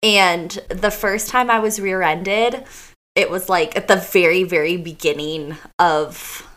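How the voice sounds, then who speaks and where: Bright-voiced woman telling stories animatedly. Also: lowish voice, a little slow. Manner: animated storytelling, lots of fillers and laughs. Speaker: podcast co-host. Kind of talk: casual chat.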